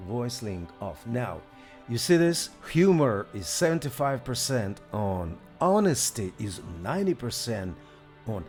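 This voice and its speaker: A man hosting a casual software demo, excited and thinking aloud as he tries things out. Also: on the low side. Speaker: host.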